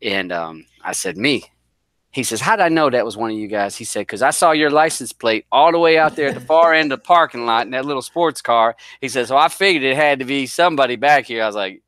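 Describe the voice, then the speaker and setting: A man's voice: medium pitch, expressive, fairly quick, fairly bright tone, clean tone, dry recording. A middle-aged man from the northern US, a guest telling a rambling, joking story in a casual way. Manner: rambling, self-deprecating, jokes around.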